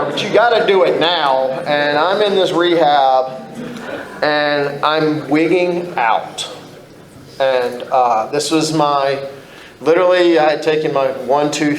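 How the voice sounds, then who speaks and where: A man's voice: a little high, echoey room, low-quality recording. A man telling his own recovery story to a group, candid and blunt, swearing freely, rambling with restarts.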